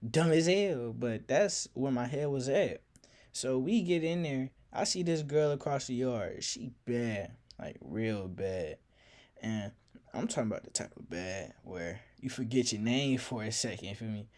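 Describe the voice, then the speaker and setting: A man's voice: mid-range voice, lively intonation, unhurried, a little mellow. A man telling a personal story in a casual, slangy, reflective way.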